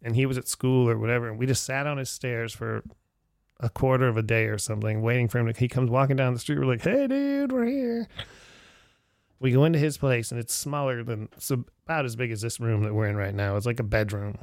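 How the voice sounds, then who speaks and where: A man's voice: medium pitch, fast talker, no echo. Middle-aged man, casual storytelling, acts out quoted voices, lots of "like", dry room sound. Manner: animated storyteller who acts out quoted voices, many "like" fillers. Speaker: podcast guest or host recalling old travels. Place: indoor room shared with a friend.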